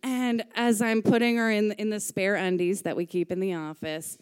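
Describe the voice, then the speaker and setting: A woman's voice: medium pitch, level tone, normal speed, clear, resonant tone. A woman telling a comic personal story, chatty, swearing freely and acting out the voices she quotes.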